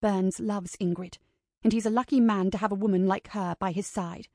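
Woman doing a prim earnest young vampire lady, crisp, dry sound. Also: mid-range voice, steady tone, moderate pace, dark tone, dry recording, close to an everyday voice.

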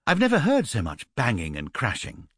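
A man's voice: mid-range voice, huge pitch swings, normal speed, a bit bright, breathy edge, dry recording, clean studio sound, heavily acted. A man voicing an anxious, motherly middle-aged woman who fusses and exclaims. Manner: exclaiming, fussing.

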